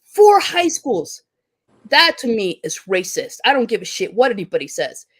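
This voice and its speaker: A woman's voice: medium pitch, very animated, fairly quick, a bit bright, husky. A woman teacher speaking in a heated, impassioned discussion, swearing freely and often restarting her sentences as she rants. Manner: heated, profane, ranting; frequent restarts and stumbles. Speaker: teacher and panel guest.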